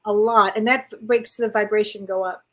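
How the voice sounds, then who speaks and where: A woman's voice: mid-range voice, fairly even intonation, moderate pace, a loud crowd. A woman, a medium co-hosting a casual chat, speaking with enthusiasm and encouragement. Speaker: medium and show co-host.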